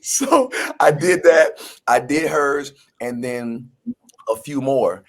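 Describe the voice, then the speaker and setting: A man tells a story at an easy, mid-pitched level. He jumps into the voices of the people he quotes and stumbles over restarts as he goes. The talk is a loose, chatty interview. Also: slow. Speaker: guest actor.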